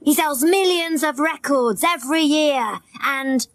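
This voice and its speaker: Woman reading a pushy, condescending guy manager, slow and kinda high, audiobook. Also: no echo. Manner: bossy, impatient, condescending. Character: pushy middle-aged male pop star manager. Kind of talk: graded reader audiobook.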